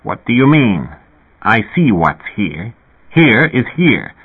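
A man with a husky voice playing a stern old man who turns forceful and agitated. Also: on the low side, big pitch swings, slow pace, full character voice. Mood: stern, furious. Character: fierce old man, stern and quick to fury. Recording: tinny phone-like sound.

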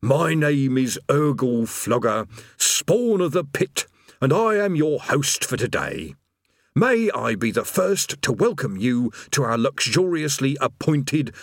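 A man's voice: mid-range voice, big pitch swings, slow pace, no room sound, clean studio sound, voice pushed up, heavily acted. Man voicing a grumbling, weary hell demon. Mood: stiff scripted. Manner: grumbling, mournful, plain-spoken. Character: weary put-upon male demon doorman of hell. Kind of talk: audiobook character voice.

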